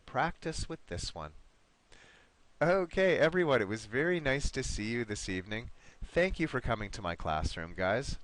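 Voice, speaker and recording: A man leads a live online class, his voice rising and falling in a lively, animated way. He speaks encouragingly, calls on students by name, and slows down to model words clearly. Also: mid-range voice. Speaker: online English teacher.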